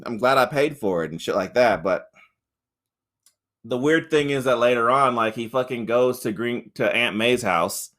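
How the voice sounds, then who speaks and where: A man's voice: mid-range voice, moderate pace, a bit bright. Sex: man. Role: podcast co-host. Style: casual chat. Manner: rambling, swears often, acts out quotes. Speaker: podcast co-host reviewing a film.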